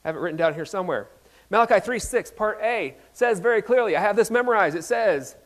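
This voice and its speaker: A man's voice: high-pitched, animated, quick pace. A man pastor giving a casual, conversational sermon in a playful, self-deprecating manner, often restarting his sentences.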